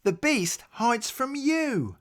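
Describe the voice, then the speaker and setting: A man voicing a small, eager young male rabbit in a storybook read-aloud, chattering with excitement. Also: extremely high pitch, slow, pitched above the performer's own voice, exaggerated voice.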